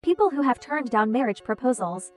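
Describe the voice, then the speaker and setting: A woman reading forum posts aloud in a plain, brisk way. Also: sits high, lively intonation. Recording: faint music behind the voice.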